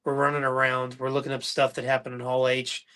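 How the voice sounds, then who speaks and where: A man hosting a podcast, telling animated stories in a casual livestream chat and acting out the quotes. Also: mid-range voice, a little fast, smooth. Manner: animated anecdotal storyteller, acts out quotes. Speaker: podcast host.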